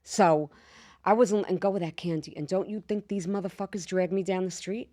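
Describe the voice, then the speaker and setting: A woman's voice: mid-range voice, brisk. Brash woman telling a wild story. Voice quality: slight lisp. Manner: brash, animated storyteller who swears freely. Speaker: podcast co-host. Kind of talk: casual storytelling chat.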